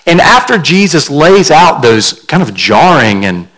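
A man's voice: a little high, big pitch swings, unhurried, fairly bright tone, poor audio. A man pastor delivering a sermon in a conversational, storytelling way, carefully explaining word meanings like a teacher.

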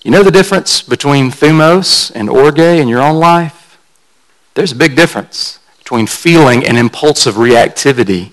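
A man's voice: medium pitch, lively intonation, moderate pace, low-quality recording. A man pastor delivering a sermon in a conversational, storytelling way, carefully explaining word meanings like a teacher.

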